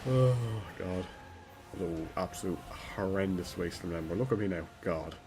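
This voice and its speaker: Low-voiced male streamer, self-directed cursing, game music clearly under him. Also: fairly even intonation, normal speed. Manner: frustrated swearing, talking to himself. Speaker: gaming streamer. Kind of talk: live gameplay commentary.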